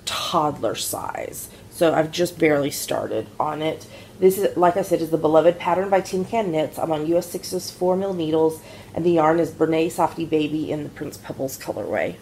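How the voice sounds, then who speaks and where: Lady co-host, chatty and rambly, low and a bit gravelly. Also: darkish tone, slight background noise. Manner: chatty, rambling storyteller with many fillers. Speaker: podcast co-host, mother. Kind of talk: casual chat about knitting.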